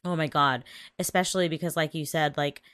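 A woman with a deep, low voice chats casually about a series she is recapping. She talks with emphasis and laughs often. The sound is dry, with no room echo. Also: steady tone, a little fast, a bit bright. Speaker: podcast co-host.

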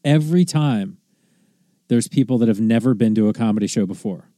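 Mellow-voiced man in loose chat. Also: lowish voice, a little fast, dry recording, clean studio sound. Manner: loose and chatty, with casual swearing. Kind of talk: casual podcast chat.

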